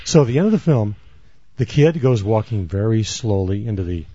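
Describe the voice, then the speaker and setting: Rambling mellow-voiced man. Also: on the low side, animated, fairly quick, slightly rough, dull audio. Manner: rambling, repeats himself, acts out scenes. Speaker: podcast co-host. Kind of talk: casual banter and storytelling.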